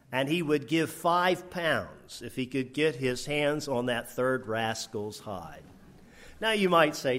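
Older male preacher, slow and deliberate, lively and laughing, with emphatic high-pitched peaks. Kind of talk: sermon.

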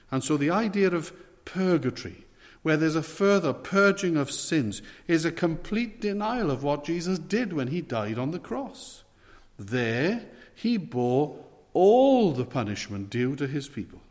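Male preacher, sermon delivery, measured and emphatic, long hall reverb. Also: a little high, darkish tone. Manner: measured, emphatic preaching with slow stressed phrases.

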